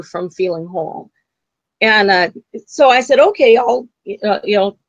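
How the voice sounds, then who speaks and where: Woman telling an animated spiritual story. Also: mid-range voice, unhurried, no room sound, highs cut off. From United States. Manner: animated storytelling, acts out quoted voices. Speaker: guest, psychic medium. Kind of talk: storytelling in an interview.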